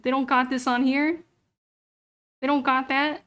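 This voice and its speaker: A woman's voice: sits high, fairly even intonation, normal speed, fairly bright tone, clean tone. A young woman streamer chatting casually on a livestream, muttering to herself as she browses and swearing freely. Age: young adult. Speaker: VTuber streamer.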